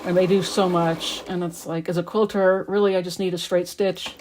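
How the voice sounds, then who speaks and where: A woman's voice: on the low side, little pitch movement, moderate pace, a little mellow, a little hiss or hum. A middle-aged woman quilter chatting casually and rambling as she sews at home. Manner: rambling, chatty, talks while working. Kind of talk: casual chat while sewing.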